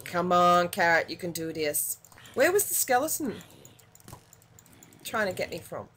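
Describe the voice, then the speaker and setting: Brief: Australian woman, gaming host, very lively pitch, unhurried talk, faint hiss behind. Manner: excitable, swings between muttering and yelps. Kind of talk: casual gameplay commentary.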